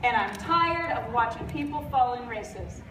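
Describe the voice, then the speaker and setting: A high-voiced, congested woman speaks bluntly and with fire at a convention, cracking jokes to the crowd. Her voice carries around a big echoey hall, picked up from well back from the mic. A steady hum of room noise sits under her. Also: a little slow. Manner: blunt, fired-up, jokey. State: stuffy, congested. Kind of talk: motivational stage talk. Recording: roomy hall audio from far off.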